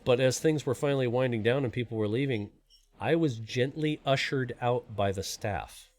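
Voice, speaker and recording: A middle-aged man speaks to his live stream viewers in an earnest, emotional, rambling way. His voice sits at an ordinary pitch, and he talks from the heart. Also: normal speed. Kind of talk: heartfelt personal talk.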